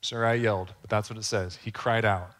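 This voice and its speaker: A man's voice: on the low side, steady tone, a little fast, fairly bright tone. A man preaching a sermon as pastor, speaking earnestly and conversationally, with asides and questions to the congregation.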